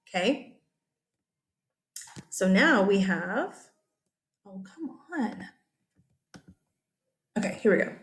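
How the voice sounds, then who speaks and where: A woman teacher giving a casual, chatty history lecture over slides. She often checks in with her listeners. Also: medium pitch.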